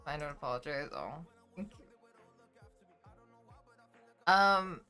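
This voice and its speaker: A woman's voice: sits low, expressive, slow, long pauses, pushed and bright, clean tone, soft background music. A young woman livestreamer chatting casually with her viewers, emotional and close to tears, swearing freely as she reads chat aloud.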